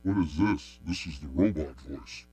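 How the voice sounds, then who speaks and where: A man through a voice changer as a deep robot voice. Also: moderate pace, warm tone, husky. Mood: playful. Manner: playful demo of mixer voice effects. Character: deep droning male robot voice. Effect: voice changer pitching the voice far down. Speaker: live shopping host. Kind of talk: live-stream product demo.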